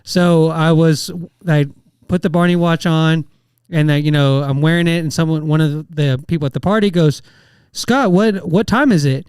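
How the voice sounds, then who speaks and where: A man joins a podcast as a guest and tells an old family story in a relaxed, chuckling way. His voice is slightly high and clear. It is recorded close and dry. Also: normal speed, no echo. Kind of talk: casual chat, telling a childhood story.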